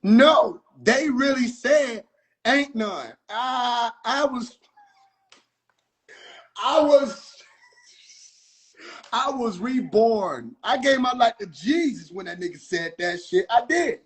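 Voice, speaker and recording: A man giving heated, profane, incredulous commentary, often breaking into shouts. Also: very high voice, expressive, slow pace, pauses often. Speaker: video commentator. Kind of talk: ranting commentary.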